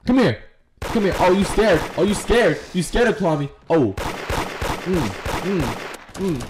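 Background noise runs under this clip of a man whose voice sits high. He's a gaming streamer who is animated but slow-paced, making crude jokes and trash-talking other players as he plays online.

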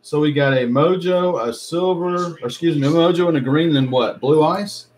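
A man's voice: fairly high pitch, moderate pace. A man hosting a live card break, casually rattling off player names with chatty asides and mild swearing. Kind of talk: casual live commentary while opening card packs.

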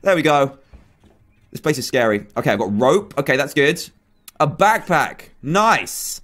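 A man giving excitable let's-play commentary, yelping and shrieking when threatened. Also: fairly high pitch, measured pace. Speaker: gaming YouTuber.

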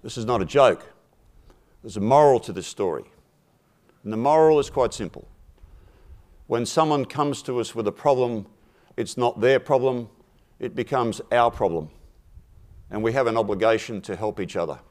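A man speaking at a forum, telling a simple fable in a measured, deliberate way and dropping his voice for punchlines. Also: mid-range voice, a little mellow. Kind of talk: storytelling a fable in a talk.

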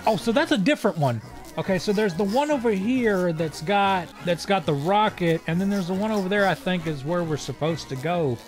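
A young man giving let's-play commentary with a sarcastic, profane wit. His voice sits fairly high and swings lively between deadpan lows and excited peaks. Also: brisk, soft background music. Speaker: game streamer.

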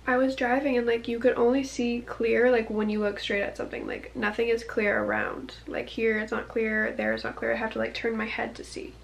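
A woman's voice: fairly high pitch, lively intonation, a little fast, creaky, few pauses. A young woman in her twenties chatting casually to camera as a vlogger, full of "like" and "um" fillers. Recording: faint background noise.

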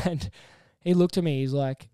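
A young man co-hosting a podcast, telling stories with animated energy and a lot of swearing. His voice is smooth and sits a little high. The room sound is dry and close. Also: measured pace, no echo. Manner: animated storyteller, swears freely. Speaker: podcast co-host. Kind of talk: casual chat.

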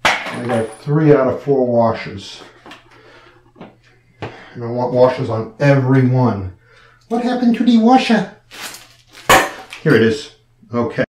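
A do-it-yourself video maker talks casually through a wall-mounting job step by step as he works, chatty and poking fun at himself. His medium-pitched voice is expressive and slow, with frequent pauses. He's in an indoor room being set up as a studio, and the recording has a roomy echo and faint background noise.

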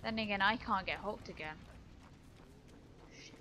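A woman's voice: mid-range voice, a little slow, sharp tone. A woman streaming a video game who talks to herself as she plays, swearing often and sounding frantic and frustrated. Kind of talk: live gameplay commentary. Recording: clear background noise.

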